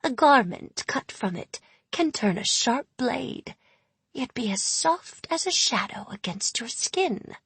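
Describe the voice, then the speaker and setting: A woman's voice: mid-range voice, sing-song, slow pace, slightly rough, dry recording, heavily acted. A woman voicing an ancient, sly female hag in an audiobook, speaking in a purring, hissing whisper. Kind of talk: audiobook character voice.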